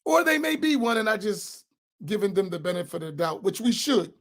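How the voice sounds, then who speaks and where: A man's voice: high-pitched, very animated, fairly quick. A man, an imam giving an informal religious class, who talks in a conversational way, keeps checking in with his listeners and repeats key points for emphasis.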